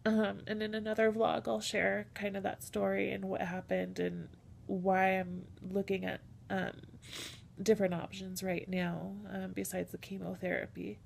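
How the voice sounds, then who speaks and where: A woman's voice: mid-range voice, monotone, unhurried, vocal fry, a little hiss or hum. A woman vlogging casually and candidly, hesitant and full of ums, walking viewers through her daily routine. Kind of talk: casual personal vlog.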